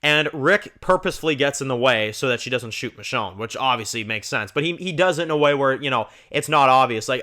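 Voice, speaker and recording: A man talks through a TV episode on his own review channel in a loose, rambling flow, padding his thoughts with "you know" and stumbling restarts. His voice is bright and forward, of ordinary pitch for a man. He livens up when he retells scenes. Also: fairly quick. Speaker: TV show reviewer, channel host.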